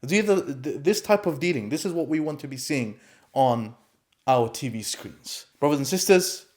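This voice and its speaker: A man's voice: medium pitch, animated, normal speed. A man hosting a reaction commentary vlog, talking emphatically and repeating his points. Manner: emphatic, repetitive.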